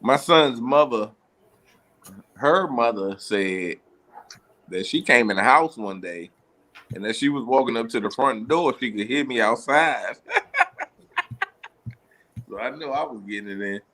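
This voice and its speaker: A man's voice: medium pitch, animated, unhurried, long pauses, fairly bright tone. A man chatting playfully and laughing easily. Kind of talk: casual chat.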